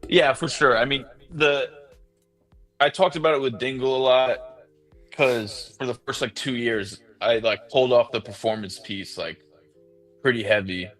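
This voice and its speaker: A man's voice: medium pitch, normal speed, a bit bright, faint music behind. Easygoing man streaming casually. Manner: easygoing, lots of "like" fillers. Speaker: streamer host. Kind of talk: casual chat while drawing on stream.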